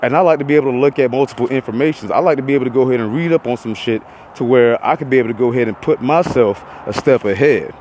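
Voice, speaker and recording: A man's voice: medium pitch, very fast, a little mellow, a little hiss or hum, rough recording. Heated, profane man ranting on a podcast. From Florida, USA. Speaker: podcast host. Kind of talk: profane rant monologue.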